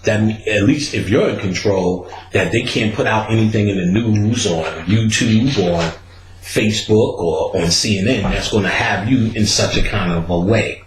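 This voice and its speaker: Animated man telling a story in an echoey room. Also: moderate pace. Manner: animated, acts out quotes with big pitch jumps and laughter. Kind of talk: casual storytelling.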